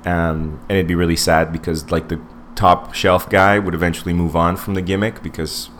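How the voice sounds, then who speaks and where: A low-pitched man in his forties talking through a casual podcast review, wandering from point to point with lots of ums and restarts. A faint hiss sits under the recording. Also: level tone, moderate pace, fairly bright tone. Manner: rambling, digressive, many fillers and restarts. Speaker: podcast co-host.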